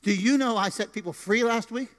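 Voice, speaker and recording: Joking male pastor, bright high voice, live church sermon in a reverberant room. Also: a little fast. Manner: playful, joking banter with the congregation. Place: church sanctuary.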